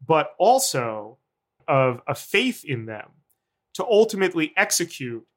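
A man, a journalist guest, giving long, deliberate analytic answers in an interview. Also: fairly high pitch, very animated.

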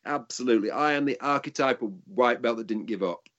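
A man's voice: medium pitch, fairly quick, a bit bright, highs cut off. A middle-aged man who coaches martial arts, chatting casually and telling rambling stories. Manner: rambling storyteller, restarts sentences. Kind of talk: casual chat.

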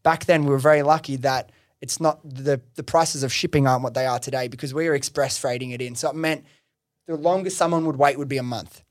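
A young man, a podcast host taking the guest seat, tells his business story in a lively, slangy way with frequent swearing and fillers. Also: medium pitch, brisk, no room sound, studio quality. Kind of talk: casual interview storytelling.

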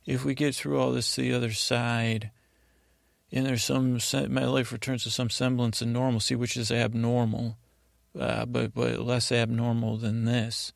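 Creaky, monotone man telling a bedtime story. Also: mid-range voice, no room sound, studio quality. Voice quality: gravelly, creaky. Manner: meandering, halting, monotone delivery. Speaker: podcast host.

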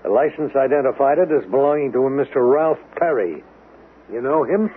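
A pressing, probing police lieutenant, as a man acts him out in a 1970s radio play, with a lively voice. The recording is a thin, narrow old broadcast with a faint hiss. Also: mid-range voice, a little fast, natural voice. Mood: stern. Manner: pressing, interrogating. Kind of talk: 1970s radio drama acting.

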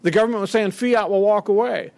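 Indignant and emphatic, a middle-aged man at a podium gives a public speech, performing quotations with drama. He has a high, creaky, slightly mellow voice and a brisk pace, recorded with no room sound.

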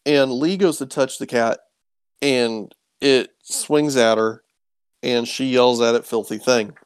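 A man's voice: mid-range voice, takes it slowly, clean tone, dry recording. Chatty man retelling a show. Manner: rambling retelling with many ums and quoted lines. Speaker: podcast co-host recapping a show. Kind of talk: casual chat.

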